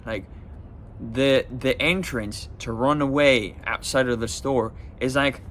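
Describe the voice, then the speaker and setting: A man's voice: mid-range voice, fairly even intonation, slow pace, a bit bright, a little hiss or hum. A man telling a story in a casual, exasperated rant, swearing and using lots of fillers. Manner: profane, exasperated, many fillers. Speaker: vlogger.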